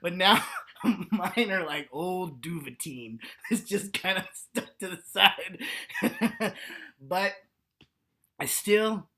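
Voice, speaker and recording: Bright, bawdy trans man storyteller. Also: slow pace. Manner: bawdy, profane and animated, acting out quotes with big jumps in pitch and volume. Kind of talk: live comic storytelling.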